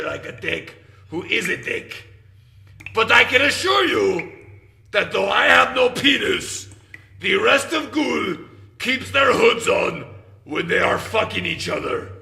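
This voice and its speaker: A man doing a gravelly, shrieking ghoul metalhead. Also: reverberant, exaggerated voice. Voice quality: gravelly, shrill. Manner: shouting, profane, mock-menacing. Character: masked ghoul metal singer, crude and aggressive. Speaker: host of a call-in question segment.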